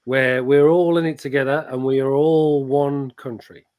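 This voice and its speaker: A man's voice: mid-range voice, steady tone, normal speed, narrow, tinny audio. A man from England with an English accent tinged with Australian, hosting a casual chat and rambling through frequent restarts. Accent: English, with some Australian.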